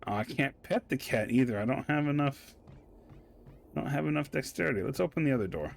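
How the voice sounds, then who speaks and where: A man's voice: mid-range voice, expressive, fairly quick, vocal fry. A man casually playing a video game on stream, reading the game text aloud with playful asides. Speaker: let's play host. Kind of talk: casual gameplay commentary.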